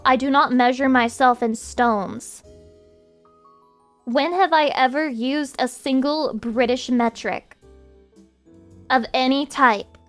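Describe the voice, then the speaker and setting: A woman streamer chatting casually with her viewers in a profane, rambling rant. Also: high voice.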